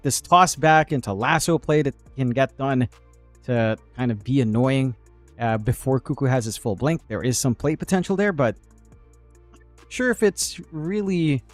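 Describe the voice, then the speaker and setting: Guy casting a live esports match, kinda high voice, analytical but jokey, faint music under it. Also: no echo. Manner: analytical, joking banter with co-caster. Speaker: esports commentator. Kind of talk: live game commentary.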